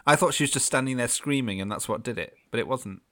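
A man co-hosting a podcast in casual chat, enthusiastic, chatty and quick to laugh. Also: medium pitch, fairly bright tone. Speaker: podcast co-host.

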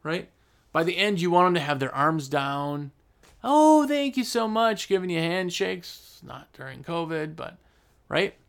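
Gravelly blunt man giving business advice. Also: fairly high pitch, sharp tone. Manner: blunt, emphatic, slows down to stress points. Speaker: business owner. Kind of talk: casual business advice talk.

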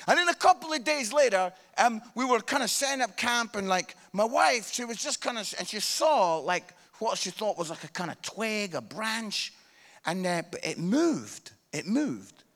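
A pastor telling a story in his sermon with animated delivery, breaking into shouts at times. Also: sits high, moderate pace.

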